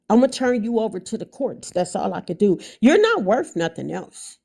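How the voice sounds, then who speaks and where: Angry, gravelly-voiced woman on a livestream. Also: mid-range voice, very animated, moderate pace, hardly any pauses, dark tone. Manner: blunt, angry, cutting. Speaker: guest mother on a livestream. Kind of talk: heated livestream talk.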